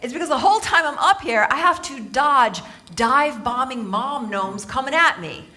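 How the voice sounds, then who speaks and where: A woman from Southern California giving a humorous inspirational talk on stage to a live audience, telling animated stories and laughing often. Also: high voice, normal speed. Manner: animated storytelling, laughing often, playful asides. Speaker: motivational speaker and author.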